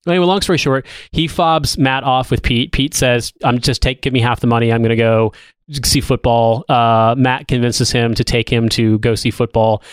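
Brief: man, mid pitch, smooth resonant voice, dry close sound, casual rambling film chat. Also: steady tone, moderate pace, hardly any pauses, no room sound. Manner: loose, rambling, swears casually. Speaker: podcast co-host.

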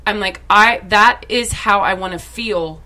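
A young woman co-hosting a casual chat, telling stories with excitement and acting out what others said. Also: mid-range voice, a little slow. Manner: excited storyteller acting out quotes. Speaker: podcast co-host.

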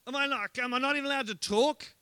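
A man voicing young David, an eager shepherd who answers with bright, wide-eyed exclamations. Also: very high-pitched, quick pace, clear, resonant tone, no echo, voice pushed up. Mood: exclaiming.

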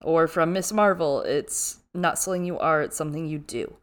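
Animated woman recapping a show. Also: low voice, moderate pace. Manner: animated, acts out characters' lines in big voices. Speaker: podcast co-host. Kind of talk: casual chat, recapping a TV show.

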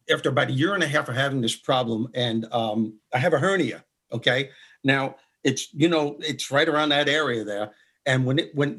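A man co-hosting a comedy talk show, telling anecdotes in an animated way and acting out the people in them. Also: mid-range voice, husky. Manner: animated storyteller, acts out voices. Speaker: comedian co-host. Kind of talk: casual comedic chat.

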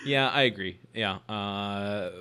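A man's voice: on the low side, slow pace, sharp tone, clean tone. A man co-hosting a casual podcast, recapping a TV episode in a playful, jokey way and laughing often. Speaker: podcast co-host.

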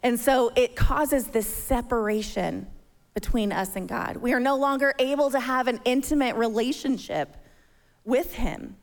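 A woman's voice: on the high side, a little slow. A woman in her thirties giving a sermon, telling a personal story and acting out her own panic. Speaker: church speaker. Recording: long hall reverb.

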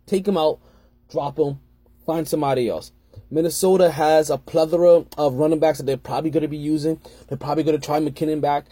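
Guy doing a fantasy football podcast, kinda husky, mellow voice, keeps repeating himself. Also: a little high, fairly even intonation, fairly quick, no room sound. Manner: rambling, repeats himself, corrects himself often. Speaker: podcast host. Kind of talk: casual fantasy football tips.

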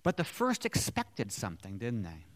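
A man's voice: fairly low pitch, wildly swooping pitch, normal speed. A male pastor giving a sermon in a conversational way, often asking his congregation rhetorical questions.

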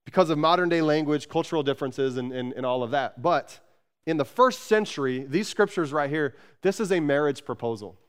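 This is a male pastor preaching with energy in a conversational style, his fairly high voice quick and smooth. He repeats words and alternates between forceful, loud stresses and gentle, tender passages.

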